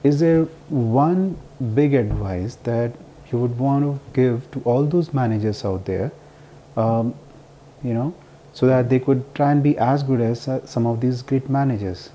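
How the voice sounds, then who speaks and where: A friendly man asks his question casually, with some filler words. His voice is very dark and mellow, and the recording sounds slightly dull, with faint noise behind it. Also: mid-range voice, unhurried. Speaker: interviewer.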